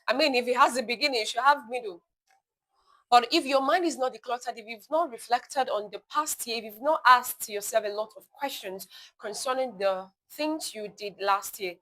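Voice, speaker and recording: A woman hosts a motivational podcast in a bright, clear voice. She drives her points home through repetition and throws in lively asides to her listeners. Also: fairly high pitch, low-quality recording. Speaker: podcast host.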